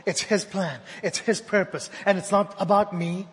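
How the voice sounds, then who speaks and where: A man with a high voice delivers a sermon, rising to loud repeated declarations and dropping to near-hushed lines. His voice rings with long reverb in a church hall. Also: fairly even intonation, normal speed. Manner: dynamic delivery, swinging from loud emphatic repetition to hushed intimate tones. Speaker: preacher.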